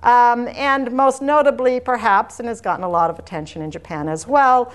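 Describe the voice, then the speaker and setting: A woman's voice: on the high side, moderate pace, clean tone. Woman giving a discursive academic lecture. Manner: discursive, anecdotal and digressive. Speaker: university lecturer. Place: lecture room with an audience.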